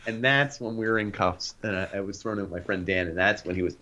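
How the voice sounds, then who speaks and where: A young man co-hosting a podcast, telling animated stories in casual chat and acting out the voices of people in them. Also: fairly low pitch, fast talker. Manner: animated, acts out voices in anecdotes. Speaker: podcast co-host. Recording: dull lo-fi sound.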